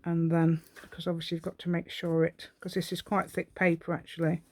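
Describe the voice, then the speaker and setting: Woman host, low-ish voice, rambling and giggly self-talk while demonstrating a craft; dry sound. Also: completely flat delivery, brisk, a little mellow, dry recording. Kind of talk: chatty step-by-step craft tutorial.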